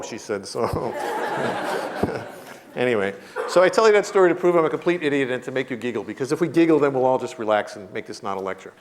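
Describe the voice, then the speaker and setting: A man's voice: mid-range voice, fast. A man in his fifties giving a university lecture as a comic storyteller, acting out the voices in his anecdotes and laughing often. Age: 50s. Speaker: guest lecturer.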